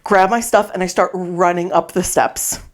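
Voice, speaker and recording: A woman co-hosting a podcast, telling a funny story in casual chat, animated, swearing freely and acting out her own lines. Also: on the low side, moderate pace. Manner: animated, swearing, acts out her own quotes, laughs often. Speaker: podcast co-host. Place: podcast recording space.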